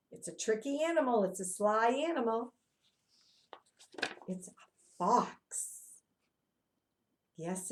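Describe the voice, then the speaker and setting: A children's movement teacher, a woman with a lowish, slightly mellow voice, leads young children through an interactive read-aloud. She coaxes them along with questions and sing-song chants.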